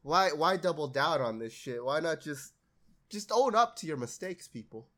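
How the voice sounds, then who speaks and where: A man's voice: fairly high pitch, lively intonation, moderate pace, a bit bright. A man co-hosting a podcast in casual chat, sarcastic, swearing freely and laughing often. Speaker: podcast co-host.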